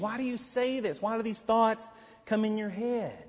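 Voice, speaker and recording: High-voiced male pastor in an echoey hall. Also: moderate pace. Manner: emphatic, repeating rhetorical questions. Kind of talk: sermon. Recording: echoey hall, dull lo-fi sound.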